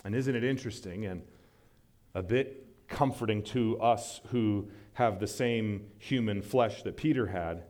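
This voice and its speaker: A man's voice: unhurried, darkish tone. Earnest male preacher delivering a sermon. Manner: earnest, rises in pitch for emphasis and acted quotes. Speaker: pastor.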